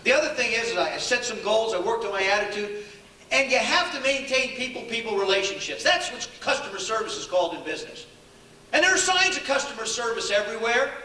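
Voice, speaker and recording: Older guy doing a funny keynote, high bright voice, acts out all the dialogue, booming hall, mic kinda far off. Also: fairly quick, a little hiss or hum. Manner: animated storyteller, acts out dialogue, chuckles often. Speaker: keynote speaker. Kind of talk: humorous motivational speech. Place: large echoey hall with an audience. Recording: echoey hall, distant mic, faint ambience.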